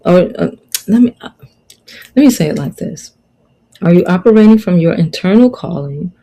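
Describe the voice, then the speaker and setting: Woman, middle-aged, life coach, motivational lesson, preachy, emphatic, repeats phrases, mellow warm voice. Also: on the low side, rough recording.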